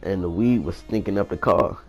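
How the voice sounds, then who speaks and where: A young man with a very low, deep voice tells a personal story in a casual, rambling way. He swears freely and retells the events with animated energy. Faint music plays quietly behind him. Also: brisk, muffled recording. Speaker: vlogger.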